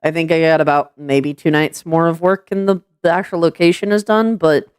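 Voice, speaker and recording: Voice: medium pitch, steady tone, a little fast, clean tone, dry recording, clean studio sound. A streamer from Washington State with a Pacific Northwest American accent, chatting casually and rambling with lots of fillers and swearing. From Washington State, USA. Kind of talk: casual chat on a live stream.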